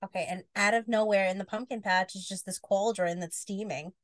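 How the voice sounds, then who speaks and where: A woman co-hosting a podcast who tells a goofy story in animated casual chat, with lots of fillers. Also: mid-range voice, fairly quick, no echo. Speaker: podcast co-host.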